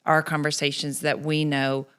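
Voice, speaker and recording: Woman, measured co-host, smooth resonant voice, flat and even in pitch. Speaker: podcast co-host. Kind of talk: casual faith and family chat.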